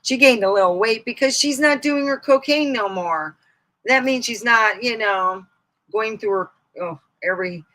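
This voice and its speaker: A middle-aged woman chatting casually on a live stream, rambling through funny stories and laughing loudly at her own punchlines. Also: medium pitch, low-quality recording. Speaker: comedy streamer.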